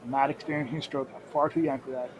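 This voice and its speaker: A man co-hosting a casual talk show, joking and tossing in quick quips. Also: mid-range voice, flat delivery, rough recording. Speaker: podcast co-host. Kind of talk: casual chat.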